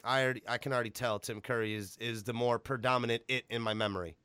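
A man hosting a podcast in loose, casual chat, excitable and profane, breaking into loud laughs. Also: mid-range voice, very fast, clean tone, no room sound. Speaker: podcast host.

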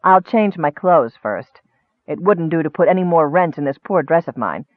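A man's voice: on the high side, animated, normal speed, no room sound, natural voice. Teasing young noblewoman, a man reading her, demure, tinny sound. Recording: dry, tinny, narrow-band.

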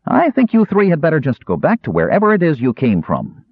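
A man's voice: fairly high pitch, wildly swooping pitch, brisk, no room sound, voice pushed up, exaggerated voice. A man doing a stern suspicious sergeant. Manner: gruff, demanding. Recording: thin phone-like audio.

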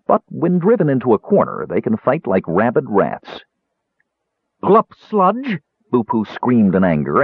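A man reading a fantasy novel aloud in an expressive, dramatic narration. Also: medium pitch, slightly rough, dry recording. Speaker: audiobook narrator. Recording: tinny narrow-band dry recording.

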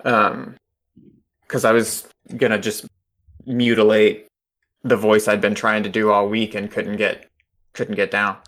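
Bright-voiced man chatting about voice practice. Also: fairly low pitch, level tone, measured pace, long pauses. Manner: chatty, filler-heavy, laughs easily. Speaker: player. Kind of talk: casual chat.

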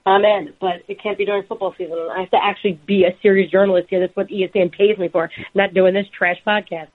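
A woman guest chatting casually on a podcast, laughing often and telling lively stories. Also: medium pitch, fast. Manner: laughing, animated storyteller. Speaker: podcast guest, football reporter. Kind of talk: casual chat. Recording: dull lo-fi sound.

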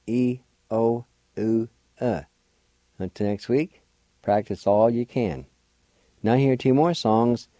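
A man hosting a radio language lesson, spelling and sounding out words syllable by syllable in a slow, deliberate way. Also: medium pitch, mellow, no echo. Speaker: language teacher and radio host.

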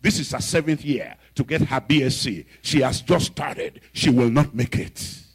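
A man's voice: mid-range voice, moderate pace, breathy edge. A man playing a spiteful evil spirit that possesses a woman, speaking in a scornful, taunting way.

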